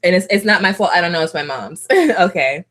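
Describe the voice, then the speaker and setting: A young woman vlogger of Puerto Rican heritage chatting casually to camera, laughing often and gushing like an excited fan. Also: fairly low pitch, a little fast.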